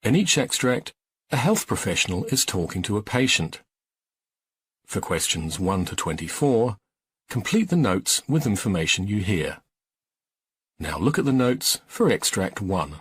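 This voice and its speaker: A man reading listening test instructions in a measured, formal way. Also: fairly low pitch, very animated, fairly bright tone, husky, no echo. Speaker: exam narrator. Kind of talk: scripted narration of test instructions.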